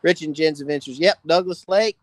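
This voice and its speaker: Outdoors by a campfire, a fishing channel host runs a casual live Q&A, greeting viewers by name. His voice sits on the high side and he talks a little fast, with no room sound.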